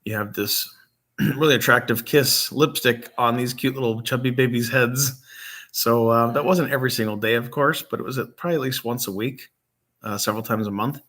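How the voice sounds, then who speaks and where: A middle-aged man from Michigan, a grieving father hosting a vlog, talks off the cuff with many pauses and ums, his voice catching as he nears tears. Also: medium pitch, a bit bright. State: emotional, near tears. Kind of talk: unscripted casual talk to camera.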